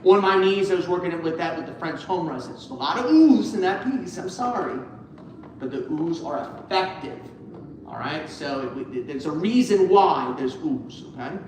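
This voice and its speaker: Choir director singing lines in an echoey room. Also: male voice, a little high, lively intonation, moderate pace, darkish tone, a little hiss or hum. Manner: coaching, sings phrases to demonstrate. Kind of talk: choir rehearsal instruction. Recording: echoey, far from the mic, with music.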